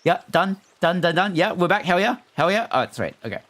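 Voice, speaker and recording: A man's voice: high-pitched, sing-song, fairly quick, fairly bright tone. A man streaming live, chatting casually and animatedly with his viewers and reading their messages aloud. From not American. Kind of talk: casual livestream chat with viewers.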